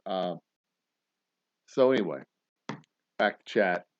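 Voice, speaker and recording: A man's voice: low-pitched, expressive, slow, muffled recording, slight background noise. A man hosting a casual livestream chat, rambling and sarcastic, with plenty of swearing. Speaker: host.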